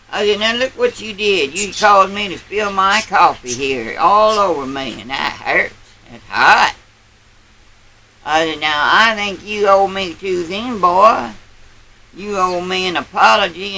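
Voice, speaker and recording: A man's voice: fairly high pitch, bright, forceful tone, slight background noise, poor audio. A man playing a boastful old country grandpa, telling a rambling tall tale in a folksy drawl. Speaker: storyteller. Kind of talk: character storytelling.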